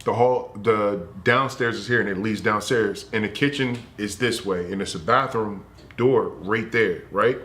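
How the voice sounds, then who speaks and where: A man streaming from home, telling a family story in a loose, animated and profane way. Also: lowish voice, measured pace. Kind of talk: casual storytelling.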